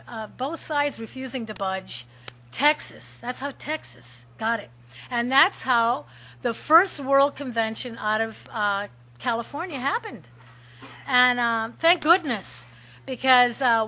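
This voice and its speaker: A middle-aged woman telling a lively personal story at a recovery meeting, laughing often and acting out shouts. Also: high voice, a little hiss or hum. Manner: animated, laughing, acts out shouted quotes.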